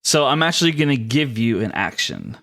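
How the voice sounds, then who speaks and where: A man's voice: mid-range voice, huge pitch swings, a little fast, creaky, a bit bright. A man narrating as game master in casual tabletop role-play, with frequent fillers.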